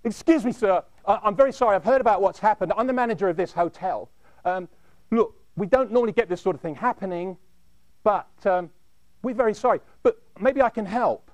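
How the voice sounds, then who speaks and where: A man's voice: high-pitched, a little fast, a little mellow, dry recording, voice pushed up, close to an everyday voice. A nervous hotel manager, as a man puts him on speaks in a slightly raised voice. He apologizes over and over and hesitates with fillers. The recording is close and dry. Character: nervous male hotel manager in a black suit.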